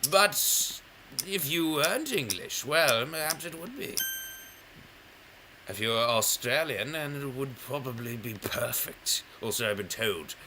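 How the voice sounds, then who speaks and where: A man's voice: medium pitch, lively intonation, unhurried, a crowd in the background. A man giving casual, rambling gameplay commentary, playful and self-mocking, counting numbers aloud as he plays. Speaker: gaming channel host.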